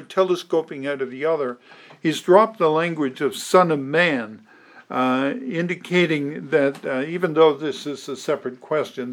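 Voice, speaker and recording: A man preaching an expository sermon, teaching at a measured pace with frequent ums and restarts. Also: a little high.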